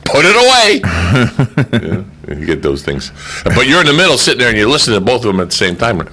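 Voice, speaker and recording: A man's voice: lowish voice, very animated, very fast, sharp tone. A middle-aged man hosting a call-in radio show, joking and rambling in a casual chat with callers. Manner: joking, rambling, puts on comic voices.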